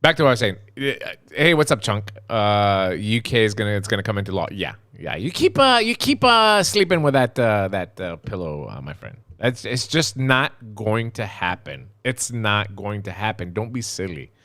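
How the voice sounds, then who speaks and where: A man ranting on a live stream, cursing freely as he answers viewer comments. His voice jumps all over, from low grumbles to near shouts. The sound is close and dry, with no room around it. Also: sing-song, normal speed, hardly any pauses, no echo. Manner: ranting, profane, swings from mumbling to shouting. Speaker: co-host of a live vaping talk stream.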